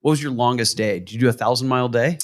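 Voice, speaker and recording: Fast-talking enthusiastic male host. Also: mid-range voice. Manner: fast, enthusiastic, quick to laugh. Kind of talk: casual podcast chat.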